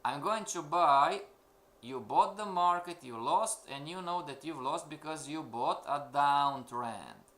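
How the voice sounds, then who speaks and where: A man's voice: on the high side, unhurried, few pauses, a bit bright. A man teaching a live-streamed trading class, emphatic and questioning, repeating his points to the students. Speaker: forex trading instructor.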